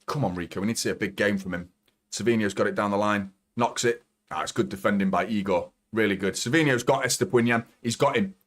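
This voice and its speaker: A man hosting a live football watchalong, commentating as a fan and swearing a lot as he swings from nervous muttering to shouting. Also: on the low side, quick pace.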